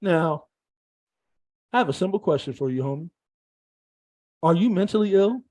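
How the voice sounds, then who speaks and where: A man's voice: sits high, expressive, moderate pace, a little mellow. A man hosting a casual online panel chat, teasing guests with mock interrogation and stammering restarts. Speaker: show host.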